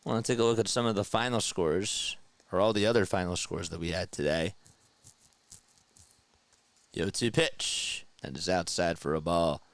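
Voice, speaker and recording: A young man doing casual play-by-play of a live baseball game and chatting with his viewers between pitches. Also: normal speed, pauses often, dry recording. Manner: gets loud and high when excited. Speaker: fan play-by-play streamer.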